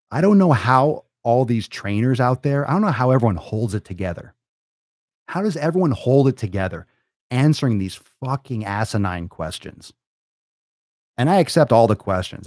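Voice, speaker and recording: Blunt and profane, this fitness vlogger rants to motivate, now and then mimicking whiny excuses in a goofy voice. His mid-range voice is a little mellow, captured in a dry, studio-quality recording.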